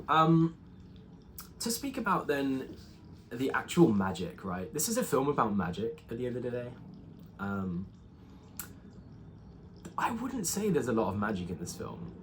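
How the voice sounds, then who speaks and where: A man's voice: mid-range voice, big pitch swings, a little slow, long pauses, slight background noise. A young man giving a casual spoken film review, rambling with many fillers and restarts. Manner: rambling, full of ums and restarts.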